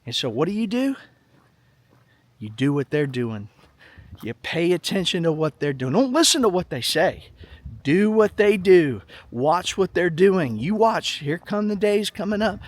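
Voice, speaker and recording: A man's voice: high-pitched, very animated, measured pace. A middle-aged man giving casual, rambling money commentary in a vlog, emphatic and folksy, often repeating himself. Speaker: finance vlogger.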